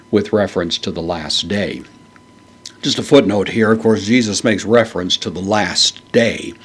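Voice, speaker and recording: A man teaching a Bible verse word by word, parsing each word in a measured way with frequent fillers. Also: low voice, a bit bright. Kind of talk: unscripted Greek verse lesson.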